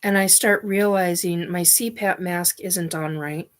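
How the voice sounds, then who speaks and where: Woman, lowish voice, unhurried, blunt storytelling, curses, halting. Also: fairly even intonation. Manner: blunt, swears freely, halting restarts. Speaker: host. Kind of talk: personal storytelling.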